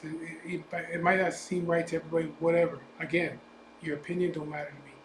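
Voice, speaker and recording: A man's voice: a little high, level tone, fast talker. A man with a Chicano English accent ranting bluntly to camera as a biker vlogger, profane and defiant with repeated asides. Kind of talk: blunt unscripted rant to camera. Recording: echoey room, faint background hum.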